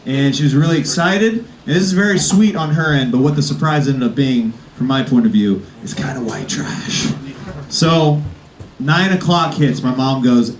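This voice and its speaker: A male comedian warming up a live crowd with a rambling stand-up set, full of fillers and self-aware jokes. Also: mid-range voice, moderate pace, distant mic. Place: comedy club stage before a live audience. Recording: roomy live club sound from off-mic.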